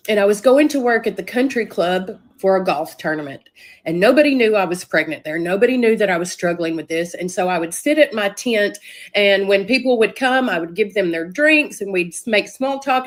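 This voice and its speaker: Earnest woman. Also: on the high side. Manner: earnest, tearful storytelling with acted-out quotes. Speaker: guest telling her story. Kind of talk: emotional personal testimony.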